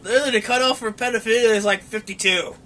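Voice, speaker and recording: A young man co-hosting a casual podcast, often laughing and acting out quoted lines in loud voices. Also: high-pitched, fast talker. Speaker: podcast co-host.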